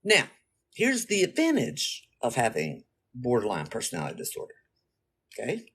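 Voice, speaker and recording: A woman's voice: a bass voice, huge pitch swings, normal speed, fairly bright tone, husky. A woman vlogging to camera in a blunt, profane way, acting out her own reactions as she talks. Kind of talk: casual talk to camera.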